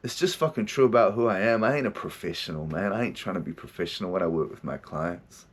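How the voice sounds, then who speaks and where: Low-voiced and slightly rough, this middle-aged New Zealander speaks fast on his solo podcast. He's a counselor, and his confessional talk comes out raw, emotional and thick with profanity.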